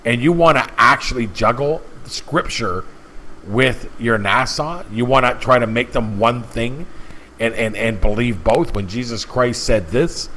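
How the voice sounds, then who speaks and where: A man's voice: medium pitch, a little slow, sharp tone, a little hiss or hum, rough recording. A man preaching emphatically in a casual monologue, often stumbling and repeating words as he presses his point. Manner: emphatic, repetitive, stumbles and restarts. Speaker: channel host.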